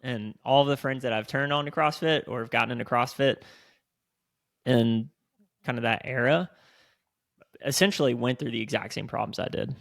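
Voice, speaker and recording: A man co-hosting a podcast, chatting casually and telling animated stories with some swearing. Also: medium pitch, normal speed, creaky, pauses often, dry recording, clean studio sound. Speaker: podcast co-host. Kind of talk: casual chat.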